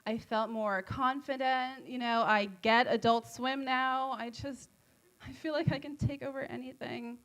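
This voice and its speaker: A woman doing a stand-up set at an open mic on a comedy club stage, rambling and giggly, high on edibles, with self-deprecating jokes. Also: steady tone, a little slow, fairly bright tone.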